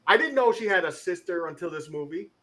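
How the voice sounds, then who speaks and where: A man's voice: high-pitched, fast talker, a crowd in the background. A man co-hosting a casual movie podcast, emphatic and swearing freely as he gets worked up. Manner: emphatic, swears a lot, gets loud when excited. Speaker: podcast co-host. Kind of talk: casual chat.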